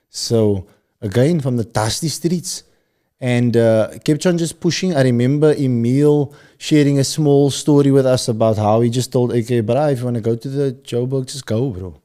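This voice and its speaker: A man with a Cape Town South African accent hosts his podcast in a loose, upbeat way, turning often to talk straight to his listeners. His voice is mellow and warm at a middle pitch. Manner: rambling, upbeat, addresses the audience directly. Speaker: podcast host. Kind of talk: casual chat.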